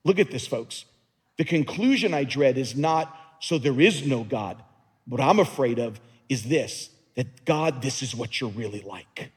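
A man's voice: medium pitch, lively intonation, measured pace, slightly rough. A man preaching a sermon as a pastor, earnest and emphatic, often repeating words as he builds a point. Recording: long reverb of a large hall.

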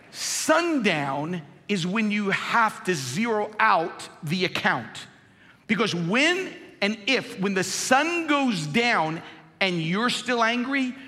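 A man in his fifties leads a sermon from the pulpit in a big reverberant hall. His voice sits high and bright, and he shifts between forceful, rising emphasis and soft, low storytelling. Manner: emphatic preaching, swinging from loud peaks to low quiet storytelling. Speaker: pastor.

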